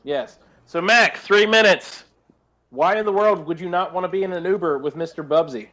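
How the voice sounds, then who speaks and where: A man with a high voice hosts a casual gaming panel. He keeps things brisk and organized, prompting each player for an answer. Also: pushed and bright. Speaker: game show host. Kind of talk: hosting a casual panel game.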